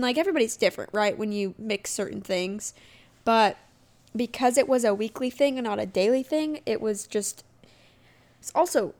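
A woman in her twenties hosting her own podcast, telling a personal story in a candid, chatty way and acting out quotes of what she and others said. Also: on the high side. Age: 20s. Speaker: podcast host. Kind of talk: casual solo podcast chat.

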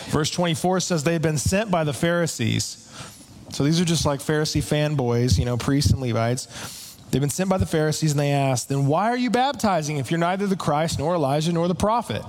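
A man preaching a conversational sermon, retelling scripture in everyday slang with quick asides. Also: a little high, expressive, a little mellow.

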